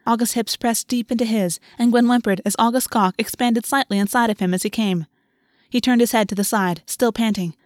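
A woman narrating a fantasy novel in a measured, even reading. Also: fairly high pitch, no room sound, clean studio sound. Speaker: audiobook narrator. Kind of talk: scripted narration.

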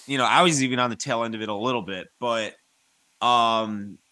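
A man's voice: mid-range voice, a little fast, bright, forceful tone, dry recording. A man co-hosting a podcast, telling blunt, profane stories in casual chat. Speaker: podcast co-host.

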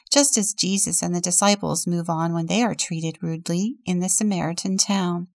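Slow gravelly-voiced woman deacon. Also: on the low side, no echo. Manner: gentle, storytelling, asks questions. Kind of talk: reading a children's book and reflecting.

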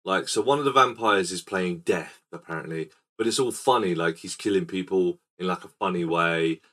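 A man hosting a casual film podcast, retelling scenes in a rambling, animated way. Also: deep voice, normal speed. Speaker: podcast host.

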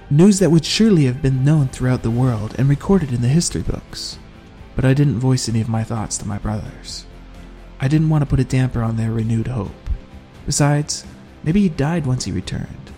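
A man narrating an audiobook in a measured first-person storytelling manner. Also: mid-range voice, warm tone.

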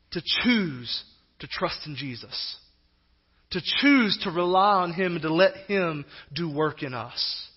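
A male pastor with a high-pitched voice delivers a lively, conversational sermon and slips into quoted voices as he goes. The recording sounds a bit muffled.

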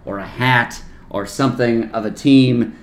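A young man co-hosts a podcast, his medium-pitched voice steady and a little slow against a roomy echo. He chats casually with sarcasm and swearing, telling stories in which he does loud, mocking heckler voices.

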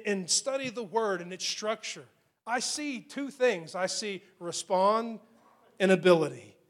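A middle-aged male pastor delivers a sermon in a fairly high voice. He speaks earnestly, and he repeats his key phrases and slows right down to press on single words of scripture. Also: fairly bright tone.

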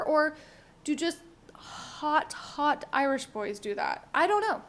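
Woman, high pitched, young adult, solo podcaster, rambling, profane, candid. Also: very animated, slow pace, fairly bright tone. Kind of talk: casual solo podcast monologue.

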